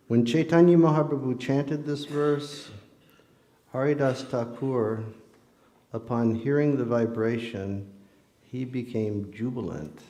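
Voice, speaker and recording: A man's voice: medium pitch, dark tone. A man giving an informal devotional talk in a temple, speaking earnestly and conversationally. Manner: conversational, earnest, with ordinary fillers. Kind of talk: informal sermon with storytelling. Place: temple hall during a festival. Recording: echoey hall.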